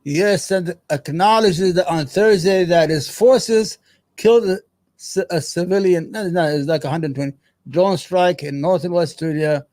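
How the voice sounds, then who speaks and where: A man's voice: sits high, measured pace, a little mellow, no room sound. Heated, profane man reading headlines. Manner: profane, heated, sarcastic, rambling; mutters to himself between headlines. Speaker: streaming show host. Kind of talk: casual live-stream commentary on headlines.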